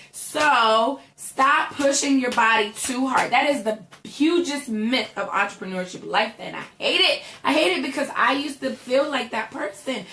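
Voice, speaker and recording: A woman's voice: high-pitched, a bit bright, roomy sound. A young woman giving a chatty motivational talk to her viewers, emphatic and repeating "right?" constantly. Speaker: entrepreneur vlogger.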